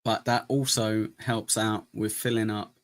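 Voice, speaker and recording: A man's voice: on the low side, little pitch movement, measured pace. A man with an English accent hosting a live stream, chatting casually, joking and thanking donors. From England. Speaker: streamer host reacting to clips.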